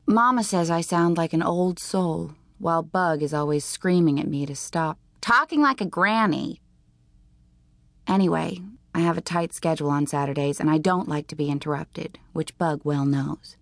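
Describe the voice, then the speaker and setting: A woman narrating a teen novel in the first person, in a dry, deliberate, wry way. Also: sits low, fairly even intonation, vocal fry, dry recording. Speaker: audiobook narrator.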